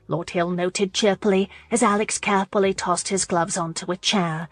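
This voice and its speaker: A woman narrating a romance audiobook in a steady, measured way. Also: mid-range voice, no echo. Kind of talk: scripted narration.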